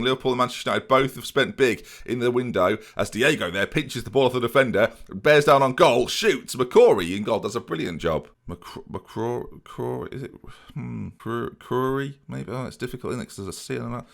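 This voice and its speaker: Male let's-player, lively swooping pitch, mock-grumpy asides to viewers. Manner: animated, self-mocking, talks to viewers. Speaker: gaming YouTuber. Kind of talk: let's play commentary.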